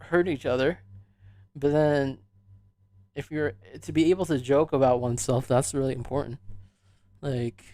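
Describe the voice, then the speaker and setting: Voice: medium pitch, fairly even intonation, moderate pace, pauses often, dark tone. A podcast host in casual chat, reflective, thinking aloud with many fillers.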